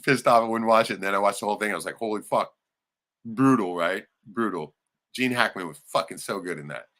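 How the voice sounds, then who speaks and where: A man hosting a casual livestream, rambling and swearing often, suddenly turning loud and excited. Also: on the low side, fairly quick. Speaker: livestream host.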